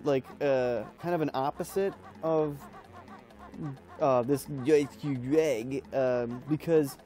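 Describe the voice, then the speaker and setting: A young man gives casual commentary over a game, rambling, swearing, and yelping at whatever happens on screen. His voice is medium-pitched and warm, with faint music beneath it.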